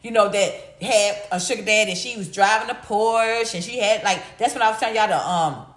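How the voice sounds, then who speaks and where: A woman's voice: medium pitch, a little fast. Middle-aged lady on a livestream, blunt slangy chat w lots of laughs, echoey room. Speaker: livestream host reading chat. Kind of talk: casual chat.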